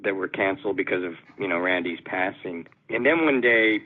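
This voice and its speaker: A man's voice: deep voice, brisk. A man, a musician, telling a story in a casual, amused way in an interview. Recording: tinny phone-like audio.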